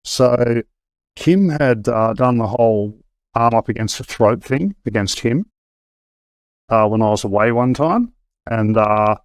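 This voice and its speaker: A man's voice: medium pitch, expressive, unhurried, smooth, dry recording. Australian man telling his story. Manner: conversational, with frequent restarts and fillers. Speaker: guest. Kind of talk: candid personal storytelling.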